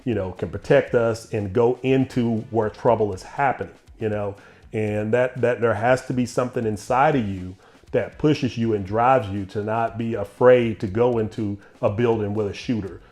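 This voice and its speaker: A man hosting an interview, telling a personal story in a lively, laughing way. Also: lowish voice, moderate pace. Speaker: interview host. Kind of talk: casual storytelling chat.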